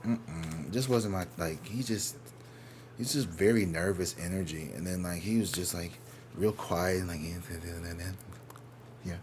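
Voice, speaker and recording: A man reads tarot casually at home in his living room, rambling with blunt, profane candor and mimicking people in overdone mocking voices. He talks a little slowly in a low, slightly mellow voice over slight background noise.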